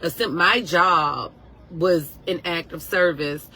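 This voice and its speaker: A woman in her thirties, a nurse, telling a personal story casually to viewers, animated and emotional, acting out what others said. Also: fairly low pitch, slow, rough recording. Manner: animated, emotional, acts out quotes.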